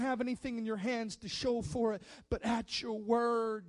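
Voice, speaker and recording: A man's voice: extremely high pitch, little pitch movement, moderate pace, hardly any pauses. A man preaching a sermon in a fervent, emphatic manner.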